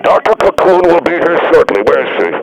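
An actor playing a defensive male yoga doctor in a radio comedy sketch, indignant and quick to take offense. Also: on the high side, expressive. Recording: muffled radio broadcast with crowd noise.

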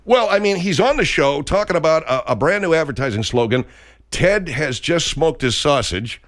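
A man's voice: on the high side, animated, moderate pace, a bit bright. A man hosting a comedic radio talk show in a studio, dry and mock-apologetic.

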